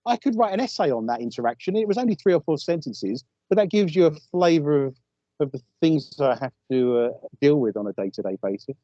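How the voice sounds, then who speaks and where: A man with an East London English accent, a guest telling wry, animated stories in a casual interview. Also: on the high side, brisk, no room sound, highs cut off. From England. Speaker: guest, paranormal investigator.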